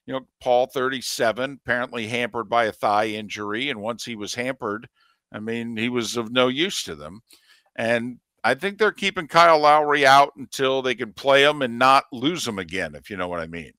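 A man's voice: mid-range voice, moderate pace, pushed and bright, dry recording, clean studio sound. A man co-hosting a sports radio show, giving emphatic opinions in casual sports talk.

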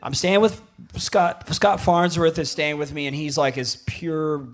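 High-voiced rambling American storyteller man. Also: a little slow. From United States. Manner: rambling, profane, laughing often, acts out others in high voices. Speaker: guest. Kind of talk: casual storytelling chat.

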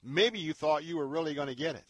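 A man hosting a Christian radio talk show, speaking in an earnest, preacherly way and dropping to a hushed tone when he tells a story. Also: a little high, fast talker, no echo. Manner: earnest, preacherly, drops to a hush for stories.

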